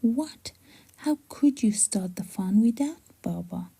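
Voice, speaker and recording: A woman's voice: a little high, animated, slow, creaky, dark tone, slightly rough, heavily acted. A woman voicing a playful, easygoing young husband and father, read in a light, partly whispered voice.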